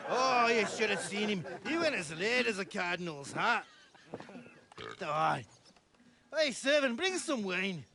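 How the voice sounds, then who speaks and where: An actor playing a brash, mocking young bully who swears a lot. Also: male voice, high voice, big pitch swings, a little slow, long pauses, noisy background, exaggerated voice. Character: brash rowdy young male bully, wedding guest.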